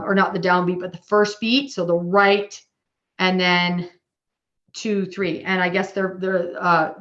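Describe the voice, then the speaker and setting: A woman with a Canadian accent teaching a drumming workshop online, chatty and casual, counting beats out loud. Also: medium pitch, dull audio.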